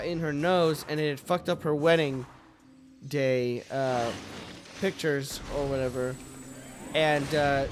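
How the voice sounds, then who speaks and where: A man hosting a let's play, telling a long story in a loose, meandering way full of fillers, restarts and casual swearing. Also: a little high. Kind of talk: rambling casual storytelling while gaming.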